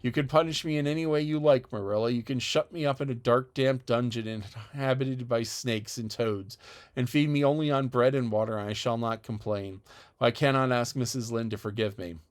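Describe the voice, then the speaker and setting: A man's voice: mid-range voice, brisk, lightly acted. A man voicing a passionate, defiant young orphan girl in an audiobook, speaking tearfully and stubbornly. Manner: tearful, wailing, obstinate. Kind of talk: audiobook character voice.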